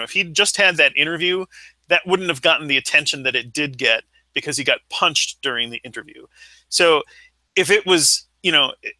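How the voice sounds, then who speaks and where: A man's voice: fairly high pitch, sharp tone, no room sound, rough recording. A man in casual podcast chat, telling a rambling story with many halts and restarts.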